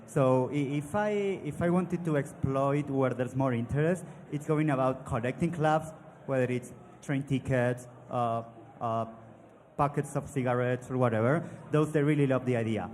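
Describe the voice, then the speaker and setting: A man's voice: mid-range voice, normal speed, darkish tone. Argentine guy with thick accent on a panel, talks thoughtful and a bit broken, hall reverb and faint hum. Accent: Argentine Spanish. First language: Spanish. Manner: thoughtful, slightly broken English. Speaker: panel guest. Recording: live hall with long reverb and faint ambience.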